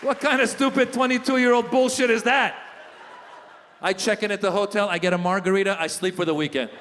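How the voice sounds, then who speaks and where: A middle-aged man doing stand-up comedy, chatting with the audience in lively crowd work, in a hall with long reverb. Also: sits high, fairly quick, slight background noise.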